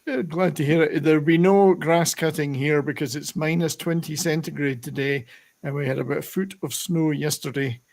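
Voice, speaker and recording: A Scottish man runs a relaxed online chat show, his voice gravelly and pitched a little high. He talks casually, trading jokes and laughing often. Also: moderate pace. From Scotland. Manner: chatty, laughs often, jokey asides. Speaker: host. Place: home in Alberta, Canada.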